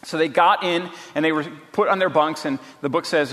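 A man delivers an earnest, measured sermon, then reads a book passage aloud. His voice sits slightly high and rings through a hall with a long reverb tail. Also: fairly bright tone. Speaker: pastor.

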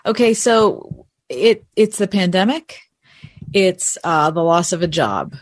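A radio co-host explaining things in a measured, orderly way. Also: medium pitch, lively intonation, dry recording. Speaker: radio talk show co-host. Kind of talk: conversational radio talk.

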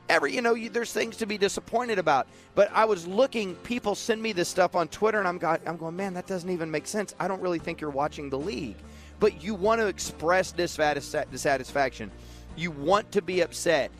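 A man's voice: high-pitched, a bit bright. A man hosting sports talk radio, ranting emphatically with rhetorical questions.

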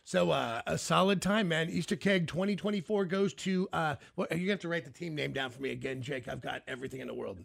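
A man hosting a radio show, joking loudly with callers, laughing often and swearing. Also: on the high side, brisk, gravelly, hardly any pauses. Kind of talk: loud joking radio banter.

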